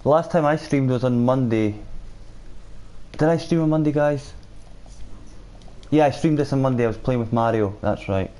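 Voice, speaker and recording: Chatty and casual, a man streams a shooter game, reading viewers' comments out loud and responding as he plays. His voice is mid-range and mellow, at a moderate pace, and he pauses often.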